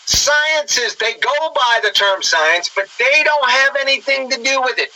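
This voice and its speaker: A man's voice: extremely high pitch, animated, unhurried, pushed and bright, poor audio. A man giving a sarcastic, lecturing commentary that mocks his targets.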